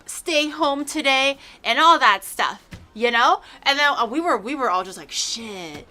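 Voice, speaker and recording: A woman streamer chatting casually on a livestream, rambling excitably and swearing freely. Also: sits high, normal speed, faint music behind.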